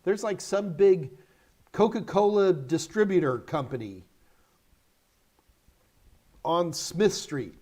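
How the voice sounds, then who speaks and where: A man's voice: high-pitched, takes it slowly, long pauses. Emphatic middle-aged man giving career advice. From United States. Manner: energetic, emphatic, repeats short commands. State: yawny, tired. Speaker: host answering viewer questions.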